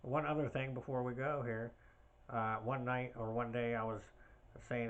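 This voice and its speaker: A man's voice: mid-range voice, flat delivery, normal speed, slight background noise. A man hosting a podcast, talking alone in a rambling, hesitant way with many fillers and restarts. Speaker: podcast host. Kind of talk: casual podcast monologue.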